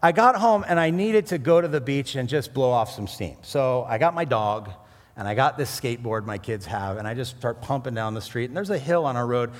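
Pastor preaching in an echoing hall. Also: male voice, medium pitch, a little fast. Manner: animated storytelling with jokes. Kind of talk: sermon with personal stories. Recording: long hall reverb.

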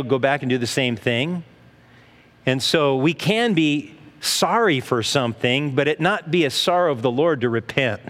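A man delivering a sermon in a relaxed, conversational manner, posing rhetorical questions and briefly voicing the excuses people make. His voice sits a little higher than most men's. A long reverb trails behind his words, as in a large hall. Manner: conversational preaching with rhetorical questions and acted-out quotes. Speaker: pastor.

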